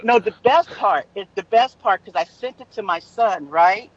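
A woman in her fifties telling a story in casual podcast chat, brash, profane and animated. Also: medium pitch, moderate pace, slightly rough, dry recording, lo-fi sound. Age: 50s.

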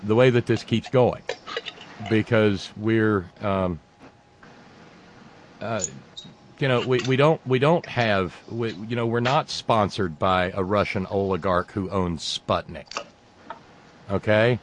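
A man hosting a political talk show, speaking in a halting, sarcastic way with many restarts. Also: on the low side, a little hiss or hum. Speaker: talk radio host.

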